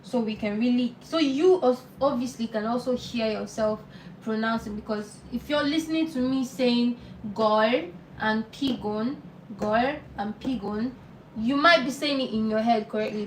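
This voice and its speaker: A woman teaching a live online beginner lesson, patient and repeating words slowly for learners. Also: on the high side, roomy sound, recorded from a distance, slight background noise, rough recording. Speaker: language teacher.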